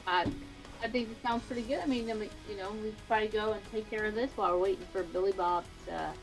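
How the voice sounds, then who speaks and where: A woman's voice: medium pitch, steady tone, fast, low-quality recording. Woman, tabletop player, casual, hesitant, faint background music. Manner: casual, hesitant, asks in character. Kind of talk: tabletop role-play chat.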